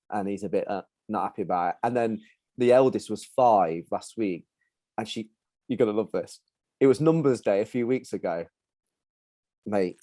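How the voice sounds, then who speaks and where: A man's voice: on the low side, warm tone. A man hosting a podcast, chatting in an upbeat, matey way, with a mixed Midlands and Yorkshire accent from growing up in Lincolnshire. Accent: mixed English Midlands and Yorkshire. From Lincolnshire, England. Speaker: podcast host. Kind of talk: casual chat.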